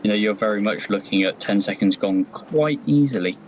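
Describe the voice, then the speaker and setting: A man's voice: lowish voice, a little fast, lo-fi sound, a little hiss or hum. A man co-commentating a sim race in an easygoing way with many fillers. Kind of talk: live sim racing commentary.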